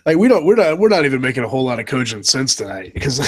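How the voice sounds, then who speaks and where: Excitable Southern man hosting. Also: mid-range voice, quick pace, hardly any pauses, slightly rough, poor audio. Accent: Southern US, North Carolina. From southern North Carolina. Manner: excitable, laughs often, stumbles and restarts. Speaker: host. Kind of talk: casual live reaction chat.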